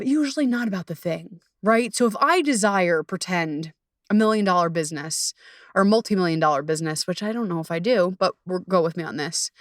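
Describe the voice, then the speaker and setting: A woman's voice: mid-range voice, a bit bright, no echo, studio quality. A young adult woman hosting her own podcast as a coach, talking casually and animatedly, swearing freely and laughing often. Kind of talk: casual solo podcast talk.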